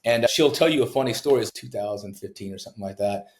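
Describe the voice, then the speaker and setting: A home builder appearing as a podcast guest tells casual stories quickly, his male voice carrying a roomy sound. He is an animated storyteller, acting out the people he quotes with big leaps in pitch.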